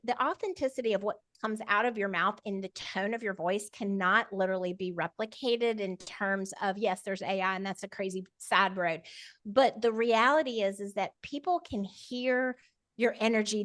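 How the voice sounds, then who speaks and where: A middle-aged woman, an interview guest speaking in an energetic, emphatic and persuasive way. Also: mid-range voice, moderate pace, no room sound, clean studio sound. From Georgia, US. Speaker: podcast guest, media consultant. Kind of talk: casual interview chat.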